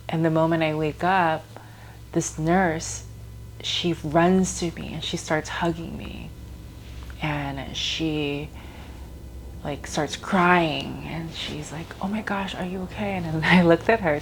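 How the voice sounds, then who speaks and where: A woman with a low, deep voice shares her own story in a loose, conversational way, often pausing on filler words. Her tone has a gravelly, fried edge. Faint noise sits behind her. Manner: casual, rambling, lots of filler words. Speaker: host. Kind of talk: personal storytelling.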